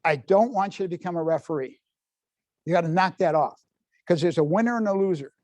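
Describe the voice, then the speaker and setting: Older man in his seventies, parenting workshop talk, higher-pitched voice, dry close sound, keeps quizzing the crowd. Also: fairly quick, no echo. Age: 70s. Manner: lively, quizzes the audience, folksy asides. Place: public library meeting room.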